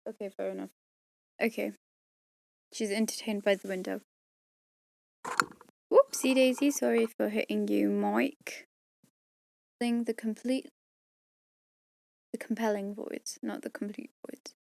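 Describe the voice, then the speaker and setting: A woman with a fairly high voice, some vocal fry and a darkish tone, recorded dry. Tired, she chats to herself at home while recording an audiobook, rambling and cracking self-mocking jokes between takes as an audiobook reader capturing outtakes in a home room.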